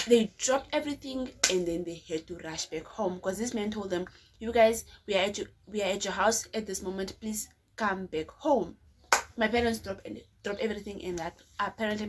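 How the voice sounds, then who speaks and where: Animated young woman telling a story. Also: medium pitch, background noise. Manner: animated, rhetorical, dramatic. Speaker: vlogger. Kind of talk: storytime vlog.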